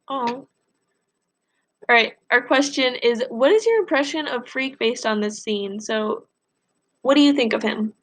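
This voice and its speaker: A woman teacher reading a novel aloud for a lesson, telling the story expressively and pausing to ask the class questions. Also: fairly high pitch, animated, a bit bright.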